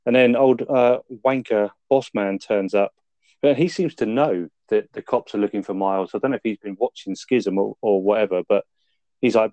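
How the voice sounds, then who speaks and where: A man's fairly low, slightly mellow voice comes through at normal speed with no room sound. In a casual movie recap for a review podcast, he stays laid-back, curses plenty, and laughs as he retells scenes.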